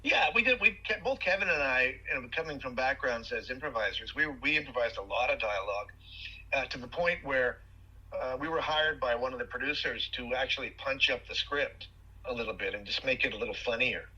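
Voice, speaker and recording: A man guest on an interview podcast, telling animated stories about his acting work with many fillers and restarts. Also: medium pitch, a little fast, slightly rough, highs cut off. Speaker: guest actor.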